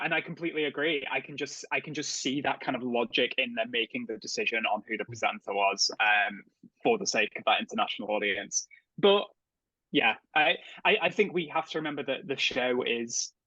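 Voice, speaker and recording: Bright, dry-sounding Liverpool man. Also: mid-range voice, a little fast, no echo, muffled recording. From England. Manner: hesitant, many restarts. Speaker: panelist. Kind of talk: casual discussion.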